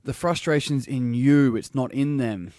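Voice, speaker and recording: A man talks through his ideas on his own podcast in an everyday middle-range voice, and the recording is close and dry. He is blunt and swears freely, often stopping to restart a sentence. He sounds like a coach thinking out loud rather than reading a script. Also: medium pitch, measured pace, dry recording. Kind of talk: casual solo podcast monologue.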